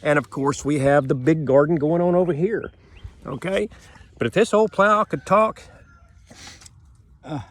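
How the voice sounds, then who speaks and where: Man, mid-pitched voice, folksy rambling talk, sniffly stuffy nose, outdoors by a garden. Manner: folksy, rambling, repeats himself. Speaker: homesteading vlogger. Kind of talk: casual outdoor vlog. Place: outdoors in a sunny yard by a garden.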